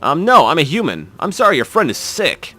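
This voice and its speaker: A man's voice: fairly high pitch, wildly swooping pitch, a little fast, pushed and bright, faint music behind, heavily acted. A man voicing a cheerful, polite young girl explorer in a video game, reading her lines in an earnest, apologetic way.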